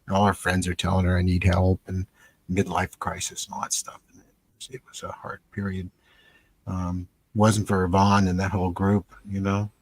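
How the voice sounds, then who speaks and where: A man hosting a live stream interview over a video call, talking in a relaxed way with many fillers. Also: deep voice, moderate pace, slight background noise. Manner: relaxed, thankful sign-off with fillers. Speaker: host.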